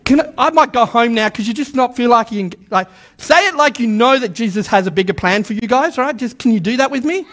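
Preacher, male, very high voice, fired-up sermon delivery that pulls the congregation in. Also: brisk, few pauses. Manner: animated, calls on congregation to repeat lines; stammers restarts, repeats words for emphasis. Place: church service with a live congregation.

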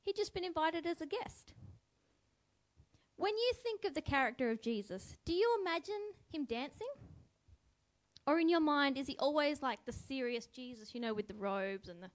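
Woman, reflective devotional talk, high voice, animated pitch, musing, questioning tone. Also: normal speed. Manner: musing, asks listeners questions, lively voice for quotes. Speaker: devotional speaker.

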